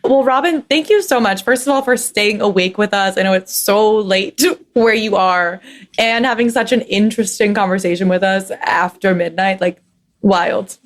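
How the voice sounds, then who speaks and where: A woman's voice: mid-range voice, moderate pace. A woman co-hosting a podcast, asking questions in an upbeat, giggly way. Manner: upbeat, giggly, warm interviewer. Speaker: podcast co-host. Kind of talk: casual interview chat.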